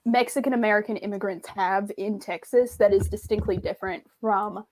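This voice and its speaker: Female co-host, mid-pitched voice, earnest and thoughtful in relaxed group talk. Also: fairly quick, rough recording. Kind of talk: casual group chat.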